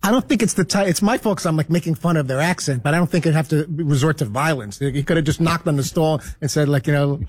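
A man with a New York accent, a regular on a radio show, telling a story in halting bursts with many restarts. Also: fairly high pitch, a little mellow, slightly rough, no room sound. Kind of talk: rambling storytelling.

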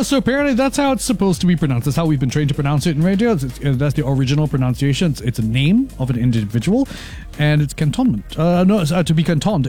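A man's voice: on the high side, warm tone. Singaporean male radio news presenter. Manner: loose, chatty asides between bulletins. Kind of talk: radio news reading and casual chat. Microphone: studio microphone.

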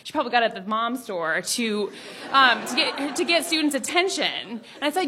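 A young adult woman telling a personal story, animated, laughing often and acting out the people in it. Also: fairly high pitch, normal speed. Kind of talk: personal story told to an audience.

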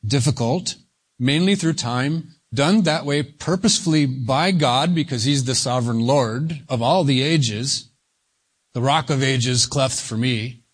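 A man preaching a sermon, slow and emphatic, leaning on single words for stress. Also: fairly high pitch. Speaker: pastor.

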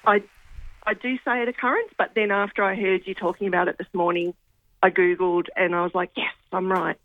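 A woman's voice: mid-range voice, fairly even intonation, a little fast, no echo, phone-quality sound. A woman, calling in to a radio show, friendly and chatty. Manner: friendly, self-described word nerd. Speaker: caller.

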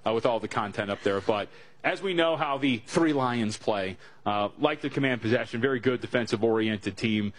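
A man from the United States co-hosting a sports betting show, talking in quick, joking, rambling banter. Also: mid-range voice.

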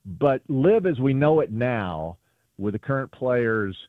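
Slow-paced and mid-range, this man is a golf reporter telling stories during a phone-in radio interview. He brings quotes to life by acting out the voices, and the tinny phone audio has no room sound.

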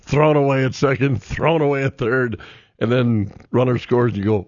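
On a sports radio show, the male host laughs often while animatedly telling stories in casual chat. He speaks briskly with a medium-pitched, slightly mellow voice. The studio sound is dull and dry, with no echo.

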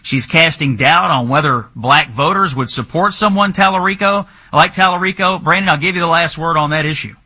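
Male political talk host, bright and husky, animated, sardonic. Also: fairly high pitch, a little fast, few pauses. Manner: sardonic, emphatic, incredulous.

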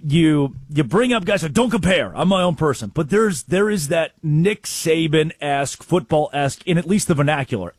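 A high, lively male voice with a husky edge, recorded dry and close. He is an excitable sports talk co-host who swings his pitch wide as he acts out quotes from coaches. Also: no room sound.

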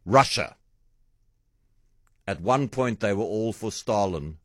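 A man's voice: fairly low pitch, animated, slow pace, breathy edge, dry recording, studio quality. A man hosting a radio talk show, chatting casually and telling jokes. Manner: playful, chuckling, telling jokes. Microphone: studio microphone.

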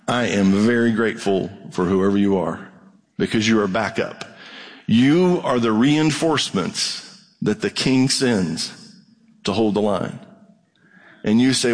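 A male pastor preaching a conversational sermon, his voice climbing higher when he reads scripture aloud. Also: in a large hall. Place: church sanctuary.

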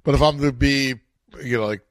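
A man's voice: medium pitch, fast, dry recording, clean studio sound. A middle-aged man hosting a sports radio show, chatting loosely with a guest, laughing and trailing off. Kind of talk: casual chat.

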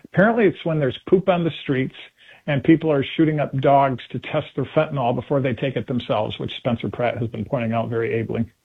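A man talking casually about politics on a radio show, animated, often acting out quotes in put-on voices. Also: mid-range voice, brisk, breathy edge, dry recording. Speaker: political commentator guest. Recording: phone-line call-in audio.

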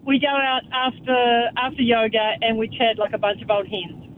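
A woman's voice: fairly high pitch, fairly even intonation, moderate pace, a loud crowd. A chatty woman caller, phoning in to a radio show. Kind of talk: phone-in chat. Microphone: phone. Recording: tinny phone line with faint noise.

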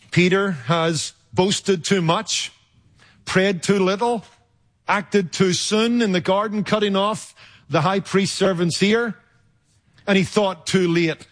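A man preaching a sermon in an emphatic, rhetorical way, with dramatic pauses and sudden jumps in loudness. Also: a little high.

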